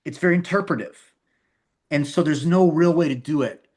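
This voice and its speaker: His voice is on the high side with a darkish tone, and he talks at normal speed. Interviewed casually about his filmmaking, this man speaks animatedly, repeating words and restarting often.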